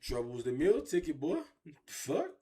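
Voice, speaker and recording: A man telling his own story in an interview, animated and repetitive, with heavy street slang. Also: a little high, normal speed, heavy background noise. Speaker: interview guest.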